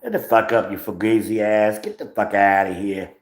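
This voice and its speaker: A man's voice: fairly low pitch, moderate pace, natural voice. A man putting on a crude, dismissive Italian mobster voice to tell someone off. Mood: scornful. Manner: crude, scornful shouting. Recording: roomy echo.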